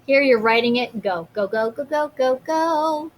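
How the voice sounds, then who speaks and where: Expressive teacher reading a picture book. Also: female voice, sits high, a little slow, a little hiss or hum. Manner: expressive, chatty asides.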